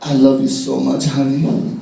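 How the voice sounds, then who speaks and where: A man's voice: mid-range voice, completely flat delivery, unhurried, gravelly, mellow, reverberant, voice pushed down, low-quality recording. A man quoting a sultry wife in bed. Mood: teasing.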